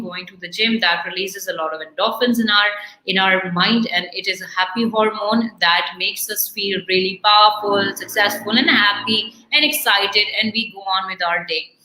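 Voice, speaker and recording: A woman guest speaker answering questions in a live online talk, earnest and halting, with many fillers and restarts. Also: medium pitch, sharp tone, echoey room, rough recording. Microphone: online video call.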